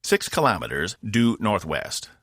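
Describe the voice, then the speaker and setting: A man's voice: lowish voice, huge pitch swings, a little slow, a bit bright, no room sound, clean studio sound, pitched above the performer's own voice, heavily acted. A man voicing a boastful, teasing male robot with a put-on Cockney voice in an audiobook. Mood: matter-of-fact. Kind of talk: audiobook narration.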